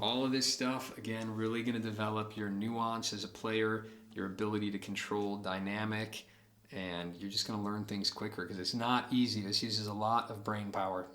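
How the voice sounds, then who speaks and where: A man's voice: fairly low pitch, flat delivery, moderate pace, a bit bright. A man giving a casual guitar lesson, explaining patterns and counting beats aloud as he plays. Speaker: guitar teacher. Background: acoustic guitar playing.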